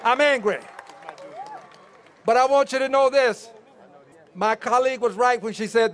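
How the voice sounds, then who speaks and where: A man's voice: very high voice, fairly even intonation, measured pace, long pauses, a faint crowd. Man giving a fiery outdoor rally speech. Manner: fiery, repeating refrains, bursts of shouting. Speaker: rally speaker. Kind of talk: impassioned protest speech.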